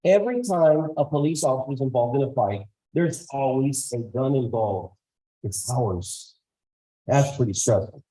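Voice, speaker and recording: A guest speaker with a mid-range voice talks at a normal speed to school staff in a school auditorium. He's an animated storyteller who acts out the people in his stories, captured on a low-quality recording.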